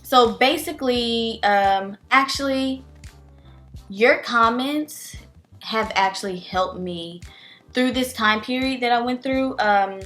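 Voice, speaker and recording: A woman's voice: a little high, slow pace, a bit bright, soft background music. Candid emotional young woman vlogging. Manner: candid and emotional, with many "um" and "like" fillers. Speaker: teacher and vlogger. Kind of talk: casual vlog life update.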